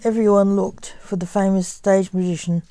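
A woman narrating a story in a measured, plain way. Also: medium pitch, fairly even intonation, mellow, dry recording.

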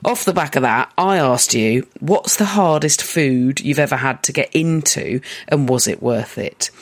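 A man's voice: medium pitch, unhurried, no room sound. A man hosting a podcast, joking with listeners as he introduces a segment. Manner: jokey, warm address to listeners. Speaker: podcast host.

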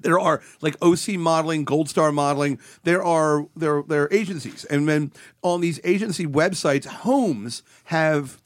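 High-voiced man telling crude stories. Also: a little slow, no room sound. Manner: crude, self-deprecating, rambling. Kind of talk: casual storytelling.

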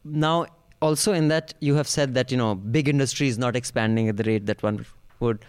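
A man's voice: medium pitch, fairly quick, clear, resonant tone. A man with an Indian English accent hosting a casual political podcast, rambling through the news with jokes. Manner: joking, rambling news rundown. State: out of breath. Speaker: podcast host.

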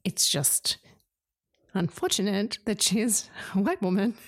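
A woman's voice: medium pitch, big pitch swings, measured pace. Aussie woman cohost, easygoing, agrees a lot, casual pop culture chat. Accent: Australian. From Australia. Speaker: podcast co-host.

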